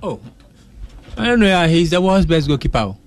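A man's voice: a little high, very animated, normal speed. A man giving football analysis on a radio show. He talks emphatically, with hesitant restarts and pidgin turns.

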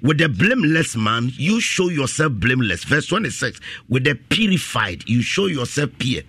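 A man preaching with a bright, forceful and slightly husky voice. His pitch leaps widely as he echoes scripture and pushes his appeals to a shout. The sound is dry and close. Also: big pitch swings, moderate pace. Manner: repeats each scripture line after the reader, rising to shouted appeals. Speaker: radio preacher. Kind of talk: call-and-response Bible preaching.

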